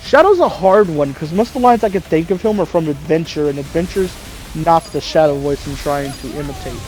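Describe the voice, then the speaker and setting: A man's voice: fairly high pitch, lively intonation, brisk, a little mellow, soft background music. A man hosting a gaming video, chatting casually and rambling, correcting himself as he thinks aloud. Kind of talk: casual chat about voice impressions.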